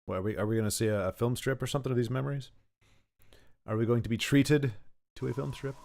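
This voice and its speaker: A man's voice: mid-range voice, fairly even intonation, quick pace, vocal fry, darkish tone. A man giving casual, sarcastic commentary while playing a video game. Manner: sarcastic, joking asides. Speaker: let's play streamer.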